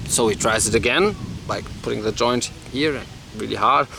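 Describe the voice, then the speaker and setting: A man's voice: medium pitch, moderate pace, vocal fry, background noise. Man rambling through a long joke. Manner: rambling, with fillers and restarts. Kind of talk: telling a long joke story.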